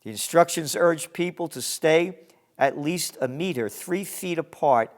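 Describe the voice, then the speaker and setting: A man's voice: a little high, unhurried. A man hosting a news commentary monologue, reading headlines and adding emphatic, sarcastic asides.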